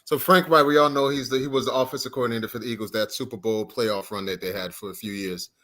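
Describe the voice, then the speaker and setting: A man's voice: mid-range voice, fairly even intonation, fast talker, a bit bright. A man hosting a casual sports podcast who poses the questions and often restarts his sentences. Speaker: podcast host.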